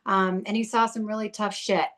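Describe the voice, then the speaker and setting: A woman's voice: medium pitch, flat delivery, moderate pace, fairly bright tone, slight background noise. Fiery, blunt woman telling her story. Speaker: podcast guest. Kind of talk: candid recovery storytelling.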